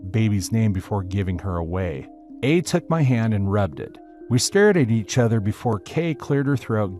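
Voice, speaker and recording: A man narrating a first-person story aloud with a steady storytelling delivery. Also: on the low side. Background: faint music.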